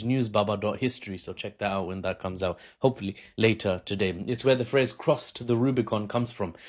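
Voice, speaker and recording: A man talking into his phone camera, casually explaining politics in an unscripted, self-mocking way with frequent laughs. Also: medium pitch. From Britain. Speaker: political commentator.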